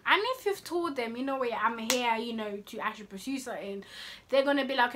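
Young woman vlogger, high voice, sassy and scolding, casual advice to camera. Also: a little fast, sharp tone, slight background noise.

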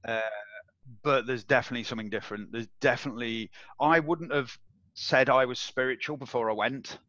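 A man being interviewed, telling a personal story in a casual, animated way and acting out the voices of others. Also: medium pitch, a little fast, no echo. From England. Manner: animated, acts out quoted voices, swears and laughs. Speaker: interview guest. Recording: dull, dry audio.

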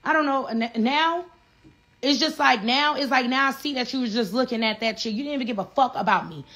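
A woman's voice: sits high, a little fast, fairly bright tone. A woman, a reality show cast member, ranting on a livestream in a blunt, profane way and repeating herself. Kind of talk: heated livestream rant.

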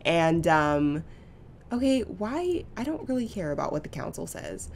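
A woman giving casual gameplay commentary as a channel host, chatty and gushing with excitement. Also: fairly low pitch, a little slow, gravelly, a little hiss or hum. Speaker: gaming YouTuber.

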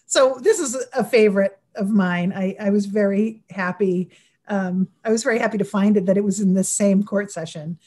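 A woman's voice: mid-range voice, moderate pace, a little mellow. Woman historian, online talk host, chatty and enthusiastic. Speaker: historian presenter.

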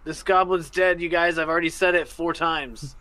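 A man's voice: a little high, fairly even intonation, normal speed, crowd noise, low-quality recording. A man acting as game master in a tabletop game, loose and profane, often laughing. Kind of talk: running a tabletop game over voice chat.

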